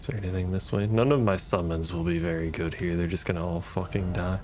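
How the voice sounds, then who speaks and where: A man's voice: low voice, steady tone, quick pace, darkish tone, a little hiss or hum. A man giving casual gameplay commentary, wry and profane, talking back to the enemies on screen. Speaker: gaming streamer.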